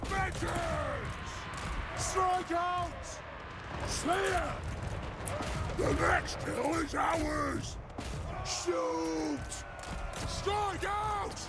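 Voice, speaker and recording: An actor voicing gruff male dwarf warriors who shout battle orders in a video game. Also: very high-pitched, drawn-out words, pauses often, loud music behind the voice, heavily acted. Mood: battle-ready. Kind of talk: video game unit voice lines.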